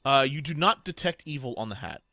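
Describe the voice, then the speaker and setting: A man narrating a tabletop game as game master, hesitant with many pauses and quick to laugh. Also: medium pitch, expressive, pushed and bright.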